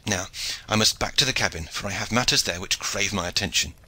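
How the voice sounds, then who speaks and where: A man's voice: on the low side, brisk, pushed and bright, husky, heavily acted. A man reading an audiobook, voicing a portly, blustering male knight who complains wrathfully. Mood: hasty.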